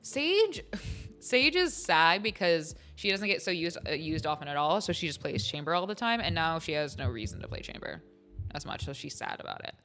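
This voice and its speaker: A woman's voice: deep voice, lively intonation, a little fast, a bit bright. A woman host chatting casually on a livestream, rambling and giggling with many fillers.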